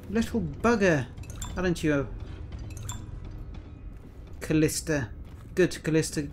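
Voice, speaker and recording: A man's voice: a little high, expressive, takes it slowly, long pauses, a little mellow, faint music behind. A man chatting playfully through a let's-play commentary, joking and swearing mildly. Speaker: gameplay commentator.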